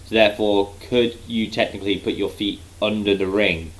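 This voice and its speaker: Rambling low-voiced man recapping wrestling. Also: fairly even intonation, normal speed, poor audio. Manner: rambling, heavy use of um and like. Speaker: wrestling reaction vlogger.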